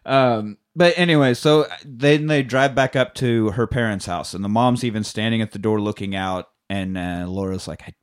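A man's voice: fairly low pitch, normal speed, few pauses, clear, resonant tone. A man in casual chat, retelling a movie's plot in a rambling way, swearing and acting out the characters' lines. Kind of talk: casual chat recapping a film.

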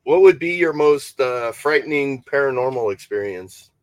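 A man's voice: medium pitch, lively intonation, normal speed, no echo. A man with an ordinary mid-range voice chats on a podcast, easing into his sentences with ums and uhs. The sound is close and dry. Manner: hesitant, lots of ums and uhs. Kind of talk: casual podcast chat.

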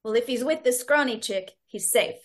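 A woman with a high voice playing her part in a tabletop game. She speaks dryly, with a teasing, sardonic edge. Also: moderate pace. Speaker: player. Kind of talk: in-character tabletop play.

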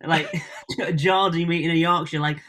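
A young man with a Hull accent, guest on a podcast, chatting quickly and laughing often over a video call. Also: fairly high pitch, steady tone, a crowd in the background. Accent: Hull, Northern English. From Hull, England. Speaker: guest comedian. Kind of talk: casual podcast chat.

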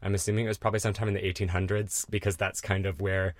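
A man's voice: sits low, flat delivery, very fast, no echo, clean studio sound. A man co-hosting a casual podcast, reading history notes with lots of fillers and laughs. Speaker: co-host.

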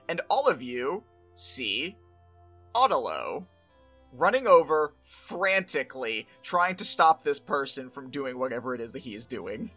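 A game master narrating a tabletop game in a measured, dramatic way with pauses. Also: medium pitch, a bit bright.

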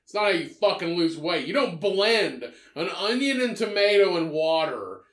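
A man's voice: sits high, sing-song, moderate pace, fairly bright tone, roomy sound. A man co-hosting a casual podcast, blunt and profane, ranting with crude humor. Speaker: podcast co-host.

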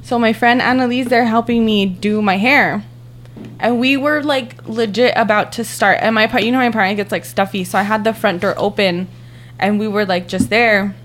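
Speaking at normal speed in a mid-range voice, a young woman animatedly retells a story in casual conversation, cursing freely and leaning heavily on "like." There's a slight background noise in the recording.

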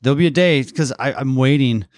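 A man's voice: mid-range voice, a little fast, dry recording, clean studio sound. A man hosting a casual podcast chat, joking and teasing, rambling a bit as he talks. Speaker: podcast host.

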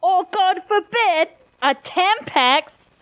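A woman's voice: very high voice, animated, slow pace, fairly bright tone, dry recording, pitched above the performer's own voice, exaggerated voice. A woman voicing a flirtatious, posh middle-aged British prince in a comedic reading, with a put-on plummy upper-class accent. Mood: flirty.

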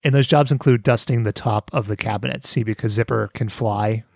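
A man hosting a casual podcast, telling a cartoon plot with lively storytelling and frequent laughter. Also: on the low side, brisk, creaky, no room sound, clean studio sound. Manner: animated storytelling, laughs often. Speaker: podcast host. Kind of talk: casual cartoon recap chat.

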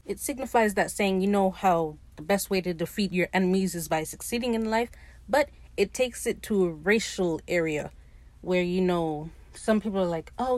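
A woman hosting a podcast, talking in a casual, slangy and profane way, opinionated and animated as she recaps. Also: on the low side, no room sound. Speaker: podcast host recapping a TV episode. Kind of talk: casual chat.

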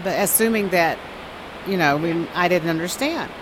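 A woman's voice: fairly low pitch, normal speed. Southern lady flight attendant telling tales, amused, hiss in the background. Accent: Southern American. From American South. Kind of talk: casual storytelling. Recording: hissy noisy recording.

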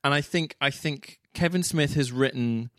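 A man's voice: mid-range voice, normal speed, a bit bright, dry recording, clean studio sound. A man co-hosting a casual film podcast, rambling and teasing, swearing freely as he talks through his thoughts. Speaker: podcast co-host.

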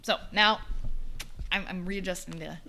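A young woman in her twenties chats on a podcast with a close friend. Her voice is bright and clear-edged, and she rambles a little, restarting sentences and laughing along as she goes. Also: on the low side, fairly even intonation, unhurried, a little hiss or hum. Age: 20s. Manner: chatty, laughs often, trails off and restarts. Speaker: podcast co-host. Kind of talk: casual chat.

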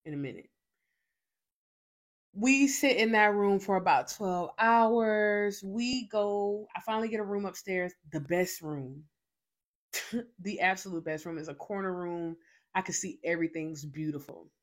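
A young woman hosting a faith show, telling a personal testimony in a dramatic, emphatic way with lots of repetition. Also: on the low side.

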